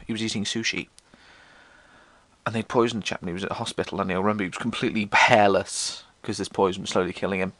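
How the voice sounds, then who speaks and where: In a dry recording, a young man hosting a podcast rambles through comic school anecdotes, swearing, teasing himself, and putting on squeaky voices for the people he quotes. His tone is fairly bright.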